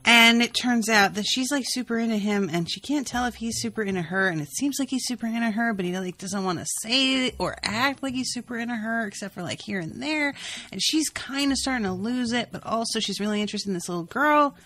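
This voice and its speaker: A woman's voice: a little high, fairly quick, sharp tone. A sniffly young woman hosting a podcast, chatting casually about a book and often saying "like" and "um". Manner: chatty, full of "like" and "um". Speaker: podcast host.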